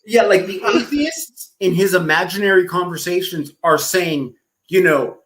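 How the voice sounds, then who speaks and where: A man's voice: high voice, normal speed, fairly bright tone. Rambling man with a raised voice. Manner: rambling, heavy use of "like" fillers. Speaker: commentator. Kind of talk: casual chat.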